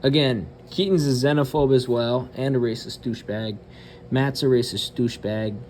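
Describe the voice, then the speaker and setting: A man's voice: medium pitch, moderate pace, darkish tone, slight background noise. A man hosting his channel, ranting bluntly and cursing often, with hesitant fillers between remarks. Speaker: channel host. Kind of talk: profane ranting commentary.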